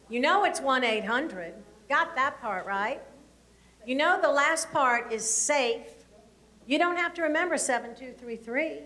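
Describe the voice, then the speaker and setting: A woman's voice: sits high, bright, forceful tone. A woman presenting an anti-bullying seminar to elementary students, coaxing them with questions. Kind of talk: presenting to school children.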